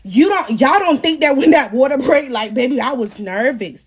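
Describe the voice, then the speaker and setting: A high-voiced young woman with a breathy, husky edge spins a story for her live viewers. She talks loose and slangy, animated the whole way through, and jokes with her audience as she goes. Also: normal speed. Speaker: live-stream host. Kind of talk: casual storytelling on a livestream.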